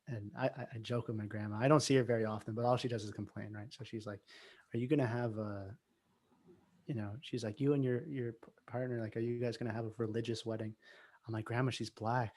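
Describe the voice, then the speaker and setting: A man's voice: medium pitch, fairly even intonation, fast talker, a little mellow. A young man chatting casually on a podcast, telling a story with frequent laughs and swearing. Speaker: podcast co-host. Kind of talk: casual chat.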